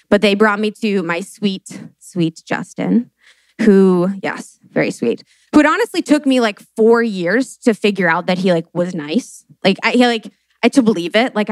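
A chatty woman in her late twenties hosts a live podcast, spilling stories in a lively rush. Her voice sits in a middle pitch and sounds dry and close, with no room echo. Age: late 20s. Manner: animated and chatty, full of fillers and swearing. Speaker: podcast host.

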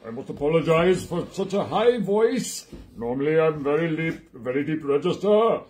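A man's voice: fairly high pitch, big pitch swings, normal speed, darkish tone. A man playing a blustering middle-aged Welsh army sergeant major with a put-on Welsh accent, rambling and self-mocking on a live music stream. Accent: mock Welsh. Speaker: musician host.

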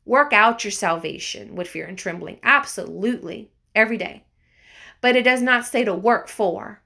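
A woman's voice: medium pitch, normal speed, creaky, pushed and bright. A woman giving an informal Bible study, reading verses aloud and explaining them in earnest, emphatic asides. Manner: reads scripture aloud, then explains in casual asides. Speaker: Bible teacher.

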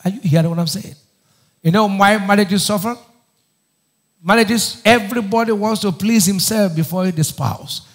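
The pastor here has a high-pitched voice and a moderate pace. His sermon is emphatic and frequently loud, built around questions he fires back at the congregation to answer.

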